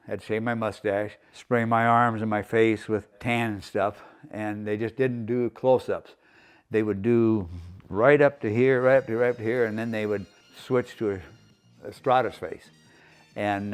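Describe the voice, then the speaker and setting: An older man, a retired highway patrol officer, recalling his past in a plain, matter-of-fact way in an interview. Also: clear, resonant tone. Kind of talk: reminiscing interview.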